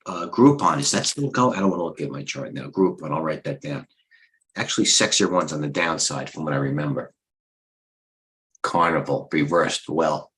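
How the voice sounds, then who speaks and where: A man's voice: very deep voice, moderate pace, a bit bright, low-quality recording. A middle-aged man, a head trader and coach, giving rambling, off-the-cuff live market commentary with blunt opinions and lots of fillers.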